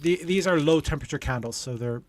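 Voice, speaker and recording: A man hosting a casual livestream, rambling and halting, full of dad jokes. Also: on the high side, crowd noise. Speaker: livestream host.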